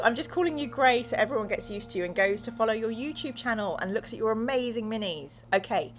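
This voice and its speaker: A woman's voice: a little high, expressive, quick pace, few pauses, soft background music. A woman hosting a livestream, reading viewers' chat messages aloud and narrating a gamebook in a bubbly, giggly way. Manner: giggly, laughs often, bubbly.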